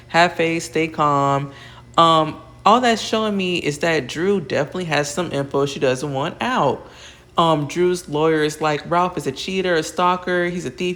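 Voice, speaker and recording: Chatty woman gossiping through a TV recap. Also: low-pitched. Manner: chatty and gossipy, with fillers and asides to viewers. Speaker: reality TV recap host. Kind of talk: casual recap vlog.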